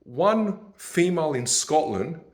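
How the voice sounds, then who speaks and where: A man's voice: a little high, sing-song, slow. Exasperated man ranting, echoey room. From Australia. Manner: exasperated, mocking, laughs at own stories. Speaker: podcast host. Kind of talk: casual ranting monologue.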